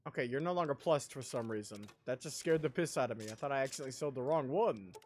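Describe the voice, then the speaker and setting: A man's voice: medium pitch, fast, hardly any pauses, darkish tone. A man streaming a game live, rambling casually and talking with his chat in a self-deprecating way.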